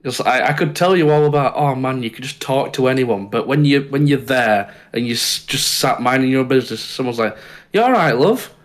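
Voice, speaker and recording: A man's voice: medium pitch, fairly quick, hardly any pauses. A man with a Northern English accent from Barnsley, a guest trading crude jokes in casual podcast chat. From Northern England. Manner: jokey, swears freely, puts on bits.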